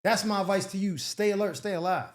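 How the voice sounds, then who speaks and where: A man's voice: high-pitched, fairly even intonation, quick pace. Male advice host, blunt and mocking, slangy casual delivery in an echoey room. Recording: roomy echo.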